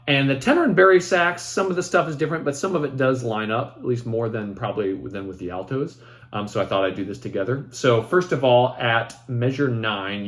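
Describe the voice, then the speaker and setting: A man with an ordinary mid-range voice talks players through his piece in a loose, easygoing teaching manner. He thinks aloud, with plenty of ums and restarts. Faint saxophone playing sounds in the background. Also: medium pitch. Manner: relaxed, filler-heavy, thinks aloud. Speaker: composer demonstrating his piece. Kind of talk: casual instructional walkthrough. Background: saxophone demonstrations.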